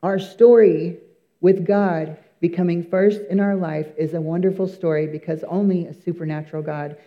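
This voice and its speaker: A man's voice: sits high, fairly even intonation, normal speed, muffled recording. A man giving an earnest, emphatic church testimony, telling his story with many fillers and restarts.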